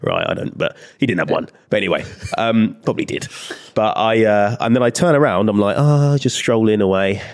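Young man, podcast co-host, lowish voice, loose sweary storyteller. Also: brisk. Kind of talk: casual chat.

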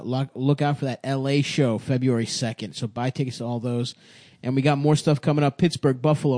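A man's voice: medium pitch, darkish tone, no room sound, clean studio sound. A man who is a stand-up comedian and podcast host, talking in casual, crude and profane banter and teasing his co-hosts.

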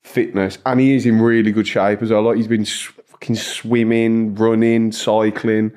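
A man's voice: fairly low pitch, level tone, moderate pace, darkish tone, clear, resonant tone. A young man, a podcast guest chatting casually, crude and joking, laughing often.

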